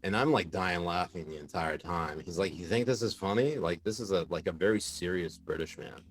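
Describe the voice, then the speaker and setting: Speaking with a deep, breathy-edged voice at a moderate pace, a journalist on a podcast recounts stories casually. He laughs often and leans heavily on fillers, staying animated throughout the interview.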